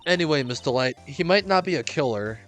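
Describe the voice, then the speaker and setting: A man voicing a young male lawyer, low, dry, muttering, faint game music behind. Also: lively intonation, fairly quick, a bit bright. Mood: doubtful.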